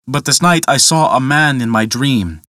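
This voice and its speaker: A man's voice: medium pitch, lively intonation, normal speed, sharp tone, no room sound, clean studio sound. A man voicing a bold, boastful young male lion cub in a read-aloud fable. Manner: proud, commanding storybook speech.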